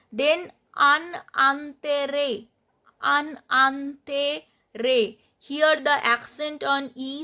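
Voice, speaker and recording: A woman with an Indian English accent teaching a beginners' grammar lesson, repeating each word slowly so learners catch the pronunciation. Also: high-pitched, sharp tone. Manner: slow, repeats words to drill pronunciation. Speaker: French teacher.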